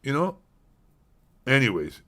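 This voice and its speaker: Very animated yet slow, with a sharp tone and mid-range pitch, a middle-aged man delivers a profane streaming rant. The Canadian is blunt and heated, swearing constantly and repeating himself in casual monologue.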